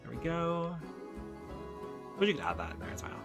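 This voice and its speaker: A man's voice: on the high side, very animated, normal speed. A man giving casual game commentary, chatting through each step and talking fondly to the animals on screen. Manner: chatty, narrates his own clicks and talks fondly to the animals. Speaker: gaming YouTuber. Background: game background music.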